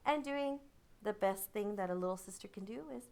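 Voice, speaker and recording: A woman telling a childhood story in a vivid, dramatic way, making thunder sounds with her voice and dropping to a hushed tone in the tense parts. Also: mid-range voice, fairly quick, a little hiss or hum. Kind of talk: personal storytelling.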